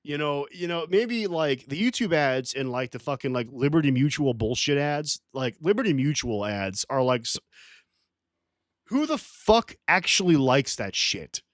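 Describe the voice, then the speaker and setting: Male streamer, casual livestream rant; profane and rambling, animated voice, dry sound. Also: a little high, normal speed, no echo. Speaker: streamer reading live chat.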